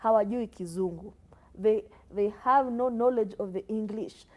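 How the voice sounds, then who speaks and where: A woman's voice: medium pitch, moderate pace, highs cut off. A woman from Kenya co-hosting a casual podcast chat, emphatic and opinionated, sometimes mimicking others. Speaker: podcast co-host.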